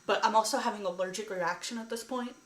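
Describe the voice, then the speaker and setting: A woman's voice: medium pitch, fast talker. A woman vlogger telling a story to camera in a ranting, exasperated way, with lots of "like" fillers. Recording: echoey room.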